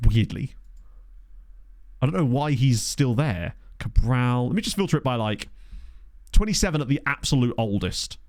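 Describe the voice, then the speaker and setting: A man's voice: medium pitch, lively intonation, normal speed, long pauses, darkish tone, no room sound, studio quality. A young man giving chatty, jokey commentary while playing a game and thinking aloud. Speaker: gaming commentator. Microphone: studio desk mic.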